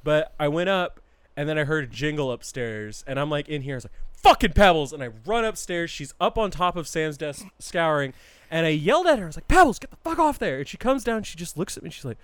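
A young man chatting casually with friends, telling animated stories, swearing often and acting out what his dog thinks. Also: on the high side, quick pace, smooth, dry recording. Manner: animated storyteller, swears a lot, acts out a dog's thoughts. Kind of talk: casual chat.

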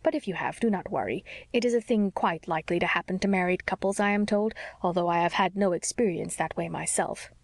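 A woman doing a brisk, no-nonsense housekeeper. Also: lowish voice, no echo. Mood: concerned. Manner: brisk and matter-of-fact. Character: practical, cheerful older housekeeper woman.

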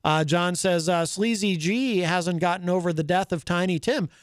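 A man's voice: sits high, fairly even intonation, moderate pace, clean tone, no echo, clean studio sound. A man hosting a live talk show in casual chat, reading viewer comments aloud and rambling with many fillers and restarts. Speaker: host.

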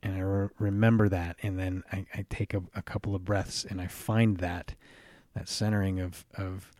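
Alone on his podcast, a man reflects earnestly, frequently restarting phrases and adding "right?" now and then. He speaks at a moderate pace in a low, darkish voice with little pitch movement. The recording is dry, with clean studio sound.

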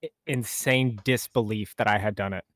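A man's voice: lowish voice, steady tone, moderate pace, fairly bright tone, no room sound, studio quality. A young man co-hosting a podcast, chatting casually and telling stories with frequent laughs. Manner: joking, laughs often, storytelling. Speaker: podcast co-host. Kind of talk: casual chat.

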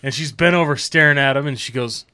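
A man's voice: mid-range voice, fast, bright, forceful tone, clear, resonant tone, no room sound. A man co-hosting a podcast, casually telling a family holiday story with jokes. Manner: laid-back storyteller, joking. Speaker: podcast co-host. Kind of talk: casual chat.

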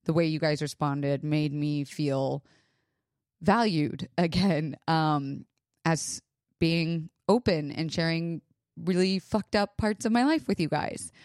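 Young woman podcast host, low voice, unhurried, halting and close to crying, dry close sound. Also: darkish tone, dry recording. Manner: halting, emotional, near tears, many pauses and fillers. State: holding back tears. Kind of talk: personal monologue.

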